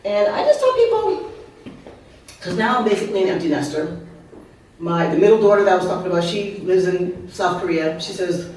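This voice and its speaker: A woman's voice: on the low side, steady tone, fast talker, a little mellow, a little hiss or hum. A woman in her fifties telling humorous personal stories at an open mic, chatty and full of asides and questions to the audience. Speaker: open mic speaker and author. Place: art venue open mic. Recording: very echoey room, voice heard from a distance.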